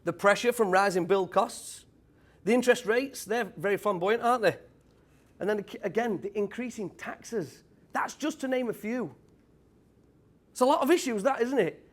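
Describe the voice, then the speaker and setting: High-voiced British man, lively stage talk. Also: moderate pace. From United Kingdom. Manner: energetic, quizzes the crowd, blunt tradesman talk. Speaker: speaker at a property event. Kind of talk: motivational talk to a live audience.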